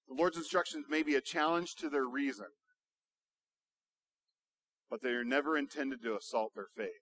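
A male pastor preaching a sermon, building to loud, emphatic rhetorical questions. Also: mid-range voice, normal speed.

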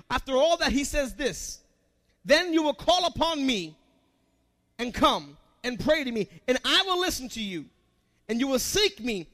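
A man preaching a sermon as pastor, asking the congregation questions and swinging between quiet asides and loud emphatic lines. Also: very high voice.

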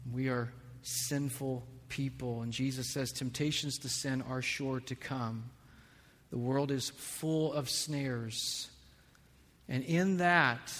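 A man preaching a sermon as a pastor, slow and measured, building to impassioned stretches. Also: medium pitch. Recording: long reverb of a large hall.

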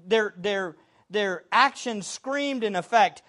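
A man preaching a sermon, with expressive delivery, sometimes shouting the quoted words. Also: high voice, unhurried. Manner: expressive preaching, shouting acted quotes, laughing between points.

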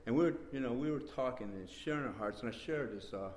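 A man giving a rambling, repetitive spoken testimony in a church meeting room, breaking into sudden excited bursts. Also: mid-range voice, quick pace. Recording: roomy echo.

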